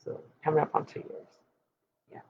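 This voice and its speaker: A woman's voice: normal speed, muffled recording, a little hiss or hum. A woman of forty talking candidly and emphatically to her viewers, speaking straight to them like a preacher. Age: 40s. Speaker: host. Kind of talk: candid personal talk to viewers.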